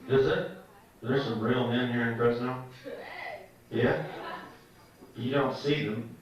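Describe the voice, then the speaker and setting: A man's voice: medium pitch, fairly even intonation, slow, muffled recording. A man doing a stand-up comedy set in a comedy club, teasing and talking to the crowd. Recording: echoey club from far off, loud room noise. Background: audience laughter.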